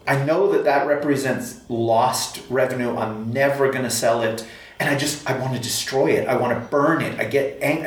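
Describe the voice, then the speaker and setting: A man in casual chat who tells stories in an animated way, stammering and restarting his sentences often. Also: medium pitch. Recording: echoey room, faint background noise.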